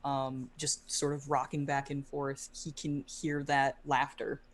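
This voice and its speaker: Game master, woman, low-pitched, laid-back and hesitant delivery. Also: measured pace. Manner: relaxed, hesitant narration with many fillers. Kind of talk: narrating a tabletop game.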